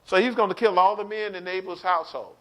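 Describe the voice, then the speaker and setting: A man's voice: high voice, quick pace, fairly bright tone. A man teaching an online Bible study sermon, preaching with animation, acting out quotes and speaking straight to his listeners.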